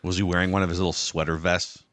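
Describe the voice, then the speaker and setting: A man with a low voice co-hosts a casual podcast and drops in short, joking questions. His voice is recorded dry and close. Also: flat delivery, fast, fairly bright tone, dry recording. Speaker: podcast co-host. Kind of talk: casual chat.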